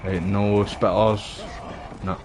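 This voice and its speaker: Over a noisy background, a Scottish gamer speaks slowly and flatly in a fairly low voice. He keeps up casual streaming chat, drifting between stories and using local slang.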